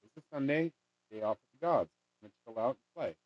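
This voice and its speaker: A man's voice: mid-range voice, expressive, fast, no echo. A man rambling in a casual monologue as he makes a money charm, swearing often and trailing off mid-thought. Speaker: vlogger making a money charm. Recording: dull lo-fi dry sound.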